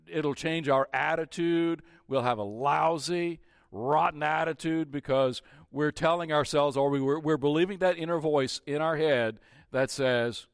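Slow, deliberate male pastor preaching. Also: fairly high pitch, smooth, dry recording, studio quality. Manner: asks the congregation rhetorical questions; restarts phrases and repeats himself. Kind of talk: sermon.

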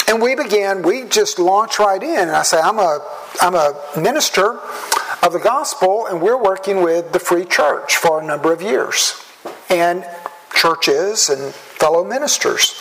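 A man with a Southern American accent, a pastor preaching a sermon in a measured, earnest way. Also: high voice, expressive, fairly bright tone, slight background noise, rough recording. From southern United States. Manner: measured, slow and earnest, with drawn-out words. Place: church.

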